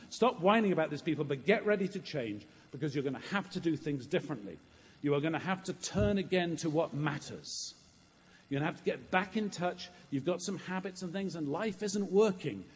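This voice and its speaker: A man's voice: fairly high pitch, husky, pitched above the performer's own voice. A man voicing a stern divine figure scolding a weary leader, giving firm, exhorting commands in a reverberant church.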